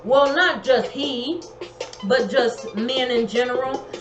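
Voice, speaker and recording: A woman's voice: high voice, slow, dull audio. A woman giving an online tarot reading in an emphatic, colloquial way, repeating her advice. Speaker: tarot reader. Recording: echoey room, music behind.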